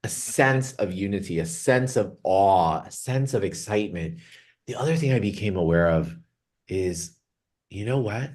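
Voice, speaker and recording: A man leading a group meditation on a video call, speaking earnestly and reflectively, slowing down on words he wants to stress. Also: deep voice, expressive, a little mellow. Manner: earnest, reflective, slows down for emphasis. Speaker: meditation guide. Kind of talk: spiritual talk opening a group meditation.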